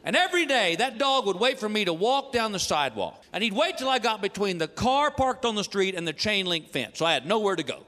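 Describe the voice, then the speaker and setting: A man's voice: high-pitched, very animated, fairly quick, few pauses, sharp tone. A male stand-up comedian telling a long story in a folksy, drawling way. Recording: live hall reverb with noise.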